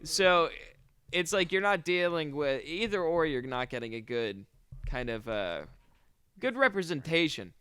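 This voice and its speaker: A man co-hosting a podcast, spinning deadpan comic stories and playfully refusing his co-hosts. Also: a little high, a little slow, clear, resonant tone, no room sound. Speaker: podcast co-host. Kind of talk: crude comedic banter.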